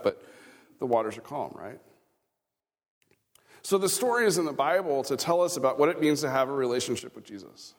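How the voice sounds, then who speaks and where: A man, a pastor preaching a conversational sermon with chuckling asides and questions to the congregation. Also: fairly high pitch. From Kansas. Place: church sanctuary. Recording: reverberant church hall.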